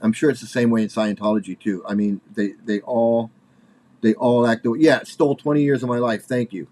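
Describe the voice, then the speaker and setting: A man in his forties giving casual spoken commentary, halting and repeating himself, with nervous laughs, worked up and angry. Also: mid-range voice, steady tone, dark tone. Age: 40s.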